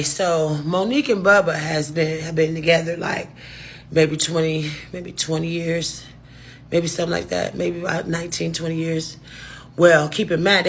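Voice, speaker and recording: A woman's voice: sits low, a little hiss or hum. A woman telling a casual storytime to her viewers, rambling through restarts and asides and swearing freely. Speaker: storytime vlogger.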